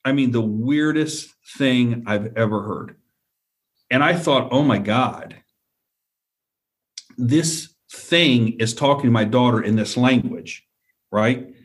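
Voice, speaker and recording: Man, mid-pitched voice, earnest first-person storyteller, repeats himself and keeps checking in with the listener. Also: slow pace, pauses often. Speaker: guest telling a personal encounter.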